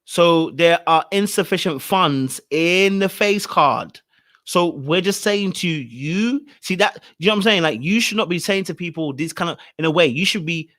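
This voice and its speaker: A man hosting a reaction video, commenting loudly on a reality show and repeating his exclamations. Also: fairly high pitch. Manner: animated, exclaiming, repeats phrases. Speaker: reaction channel host.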